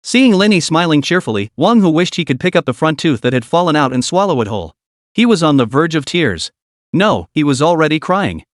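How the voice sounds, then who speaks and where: A man narrating a dramatic comic story in a scripted, expressive style. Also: on the high side, fairly quick, no room sound, studio quality.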